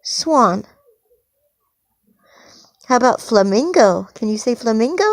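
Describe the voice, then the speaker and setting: Brief: woman, patient parent coaching a toddler's words, slow and sing-song, dry close sound. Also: a little high, expressive, no echo. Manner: patient, encouraging, exaggerated praise. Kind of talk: teaching a toddler animal names.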